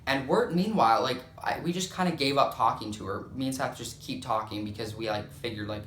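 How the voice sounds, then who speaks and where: Bright-voiced young man swearing through a story. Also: medium pitch, fairly quick, hardly any pauses, roomy sound, a little hiss or hum. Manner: profane, dramatic, filler-heavy storytelling. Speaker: storytime vlogger. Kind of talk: casual storytime.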